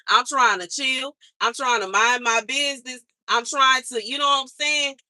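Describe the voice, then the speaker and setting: A woman's voice: sits high, steady tone, normal speed, sharp tone, no echo. A woman livestreaming, venting in an exasperated, slangy way and repeating herself as she complains. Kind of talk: casual livestream rant.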